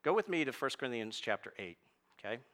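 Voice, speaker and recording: A man's voice: mid-range voice, big pitch swings, quick pace, fairly bright tone. A male pastor preaching a sermon, building to emphatic peaks as he reads and explains scripture.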